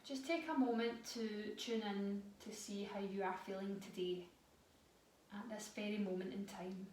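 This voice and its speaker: Calm woman guiding yoga, echoey room. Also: mid-range voice, slight background noise. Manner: calm, slow guiding cues. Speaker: yoga instructor. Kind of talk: guided yoga instruction. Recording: echoey room, voice a bit far from mic.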